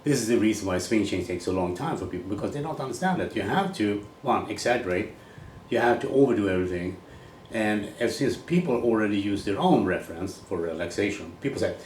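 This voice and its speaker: A man's voice: lowish voice, expressive, fairly quick, darkish tone, distant mic. Blunt Swedish-accented man, echoey room. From Sweden. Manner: blunt, rambling, swears casually. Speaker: golf coach. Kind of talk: casual opinionated monologue. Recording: echoey room with faint ambient noise.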